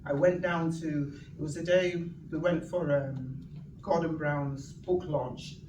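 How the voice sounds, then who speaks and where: Speaking slowly in a deep voice, a guest speaker in her sixties from northern England entertains an audience with lively, humorous stories, performing the voices of the people she quotes. The echoey event room, distant mic and audience noise color the recording.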